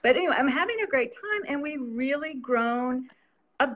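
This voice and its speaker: A woman's voice: high-pitched, animated, moderate pace, a bit bright. A woman novelist chatting casually as an interview guest, rambling and laughing often.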